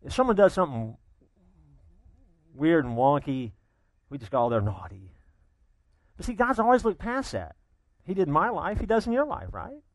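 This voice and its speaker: A man preaching a sermon, telling a story in an animated way, dropping to a hush and then rising loud. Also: high-pitched, normal speed, long pauses, no echo. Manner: animated storyteller, swings between hushed and loud. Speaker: pastor.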